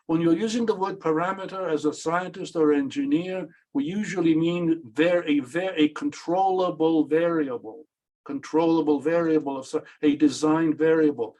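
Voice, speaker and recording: A man's voice: on the high side, darkish tone. A man presenting a workshop, talking in an emphatic, repetitive way with a slight stammer. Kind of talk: instructional talk.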